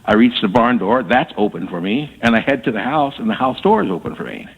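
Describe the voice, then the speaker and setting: A man telling his story as a guest on a radio interview, halting and repeating words as he talks. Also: mid-range voice, sing-song, husky. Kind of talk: casual storytelling. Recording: tinny phone line with long reverb.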